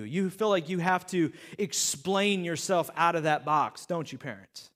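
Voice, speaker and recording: A man with a notably high voice preaches in an animated, storytelling way. He speaks directly to his listeners as a pastor delivering a sermon. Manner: animated storytelling, talks straight to the audience.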